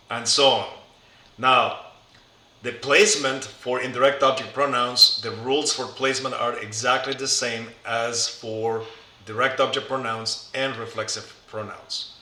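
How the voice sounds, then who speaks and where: A man's voice: medium pitch, fairly even intonation, measured pace, sharp tone. A middle-aged man teaching a recorded lesson, patient and careful, spelling out each form one by one. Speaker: Spanish teacher. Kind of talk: recorded classroom lecture. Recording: echoey room, faint background noise.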